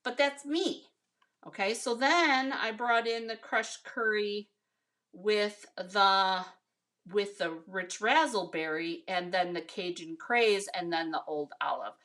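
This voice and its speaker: A woman's voice: mid-range voice, slow pace, a bit bright. American woman crafter, leisurely and chatty, talks viewers through a stamping demo. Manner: chatty, talks to viewers as you guys and honey. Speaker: card-making instructor. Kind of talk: casual craft tutorial.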